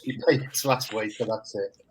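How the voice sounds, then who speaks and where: A man's voice: lowish voice, normal speed, breathy edge. A man co-hosting a live show, joking playfully in casual banter. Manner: playful, jokey. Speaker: podcast co-host.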